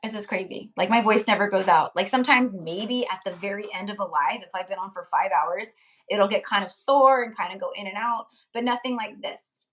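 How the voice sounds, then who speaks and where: A woman tarot reader chatting live to her viewers in a relaxed, rambling way. Her voice is getting rough and hoarse as she goes. She keeps breaking off to greet and thank people from the chat. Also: mid-range voice, fairly quick. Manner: chatty, reads out chat names, frequent "like" and laughs. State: voice going hoarse. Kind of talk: casual live-stream chat.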